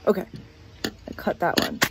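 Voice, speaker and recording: A woman's voice: moderate pace, very noisy. Nervous chatty young woman vlogging outdoors. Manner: anxious, chatty, talking herself through it, sing-song asides. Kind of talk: casual vlog to camera. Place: outdoors in the wilderness while camping. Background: music.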